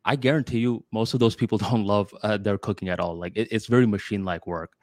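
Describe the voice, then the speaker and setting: Low-voiced man rambling casually. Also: quick pace, no room sound, studio quality. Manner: rambling, filler-heavy with lots of "like" and "dude"; animated, jumps to higher pitch when voicing others. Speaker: podcast co-host. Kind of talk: casual podcast debate.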